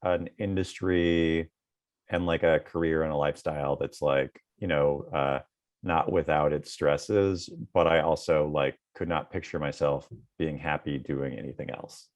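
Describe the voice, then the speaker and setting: Low-voiced man, filler-heavy casual talk. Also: steady tone, unhurried, no room sound. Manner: rambling, many fillers like "um" and "like". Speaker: guest comedian and TV writer. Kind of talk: casual interview answers.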